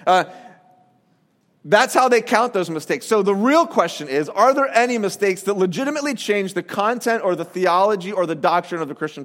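A man preaching a sermon as a pastor, animated and conversational, acting out quoted voices. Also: high voice. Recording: reverberant hall.

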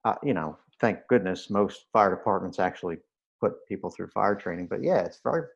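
A man's voice: low voice, brisk, vocal fry, husky, muffled recording. A man guest explaining firefighter fitness in earnest detail with dry humor. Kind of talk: podcast interview.

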